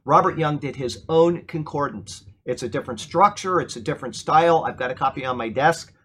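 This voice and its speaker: A man's voice: fairly high pitch, a little fast, a bit bright, slight background noise. A middle-aged man, a pastor, teaching a Bible class in a church and checking with the room as he goes. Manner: emphatic, asks the class "okay?" often.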